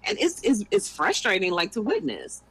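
Animated young woman, former teacher. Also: mid-range voice, moderate pace, husky, rough recording. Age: young adult. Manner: animated, acts out quoted voices. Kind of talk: casual podcast chat.

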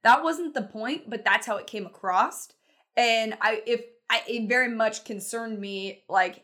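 A woman co-hosting a sports podcast, giving quick, chatty takes on college football. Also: a little high, fairly bright tone. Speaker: podcast co-host. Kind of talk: casual sports talk.

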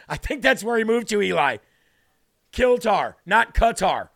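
A man hosting a political talk show, ranting in an animated and sarcastic way to a co-host. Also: high-pitched, measured pace, creaky.

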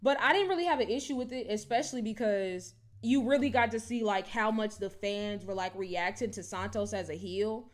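A woman co-hosting a podcast, chatting casually and animatedly about wrestling, with lots of "like" and "low-key". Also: normal speed, hardly any pauses. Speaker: podcast co-host.

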